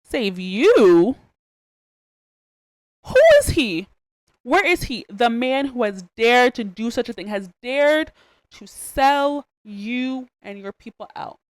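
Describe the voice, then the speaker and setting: A woman's voice: a little high, animated, slow, no room sound. A woman voicing a furious, bellowing king. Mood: enraged. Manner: outraged, demanding questions. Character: an angry male king, loud and commanding.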